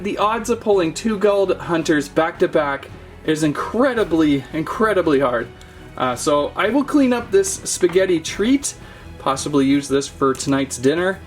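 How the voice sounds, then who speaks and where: Playful man hosting a toy unboxing. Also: fairly high pitch. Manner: playful, jokey, mock-serious. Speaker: toy channel host. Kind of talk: casual toy unboxing commentary.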